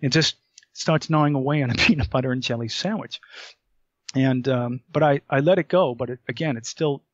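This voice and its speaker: A man telling a story as a podcast guest, animated and full of restarts as he acts out his own dialogue. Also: medium pitch, brisk, dry recording, muffled recording.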